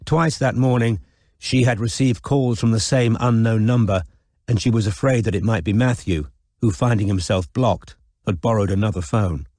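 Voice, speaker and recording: A man narrating a novel in an audiobook in a measured, even reading. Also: lowish voice, no room sound, clean studio sound. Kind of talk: scripted narration.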